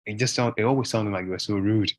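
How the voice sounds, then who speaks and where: A man chatting casually as an interview guest, relaxed and rambling, with many fillers and restarts. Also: lowish voice, fast talker. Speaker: guest English speaker.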